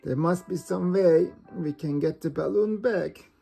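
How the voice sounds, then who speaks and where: A man's voice: fairly high pitch, measured pace, creaky, dark tone, breathy edge, soft background music, voice pushed up, exaggerated voice. A man voicing a kindly old grandmother pig in a picture storybook. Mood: reassuring.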